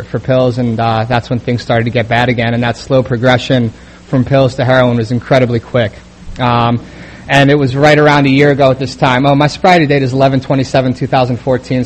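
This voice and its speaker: Young man, recovery testimony, monotone delivery with lots of ums and false starts, faint hiss under the voice. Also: mid-range voice. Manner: halting, many fillers and restarts. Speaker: speaker sharing a recovery story. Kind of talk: personal testimony.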